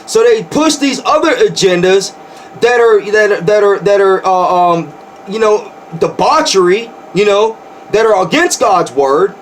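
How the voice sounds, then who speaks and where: High-voiced fervent preaching man. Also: expressive, a little slow, a little hiss or hum. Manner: fervent, rambling, repeats words when worked up. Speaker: pastor. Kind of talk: informal preaching to an online audience.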